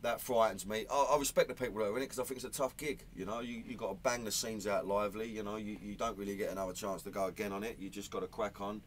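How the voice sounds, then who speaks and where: A man's voice: lowish voice, steady tone, fast talker, few pauses, slight background noise. A man with a Cockney London accent chatting in an interview, blunt and matey, full of "you know" and "man". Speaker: actor being interviewed. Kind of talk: casual interview chat.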